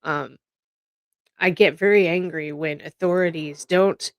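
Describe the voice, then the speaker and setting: A woman's voice: low voice, steady tone, unhurried, no echo, lo-fi sound. A middle-aged woman hosting a casual chat, blunt and exasperated, swearing freely. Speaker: psychic channel host.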